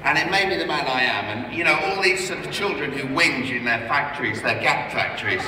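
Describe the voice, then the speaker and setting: A middle-aged man giving a rambling after-dinner comedy speech, self-mocking and stumbling, with deadpan asides. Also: mid-range voice, brisk. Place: large hall at a gala dinner. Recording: echoey hall, heard from far off, audible room noise.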